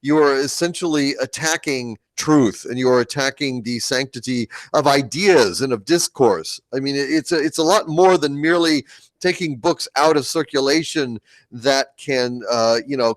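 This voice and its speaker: A man's voice: mid-range voice, lively intonation, normal speed, no room sound, rough recording. A man co-hosting a casual live stream, speaking in an articulate, lecturing way with formal words and stammered restarts. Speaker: co-host.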